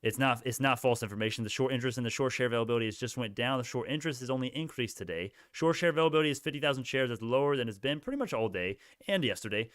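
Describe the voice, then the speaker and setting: Fast-talking heated young man streaming. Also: mid-range voice, fairly bright tone, dry recording, clean studio sound. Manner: heated, ranting, talks to chat, many restarts. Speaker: stock livestream host. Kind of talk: casual livestream commentary.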